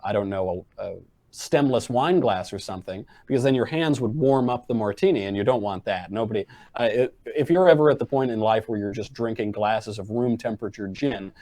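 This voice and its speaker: A man appearing as a podcast guest, talking in a wry, deadpan style with plenty of fillers. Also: fairly low pitch, brisk, dry recording. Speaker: guest commentator. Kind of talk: casual chat.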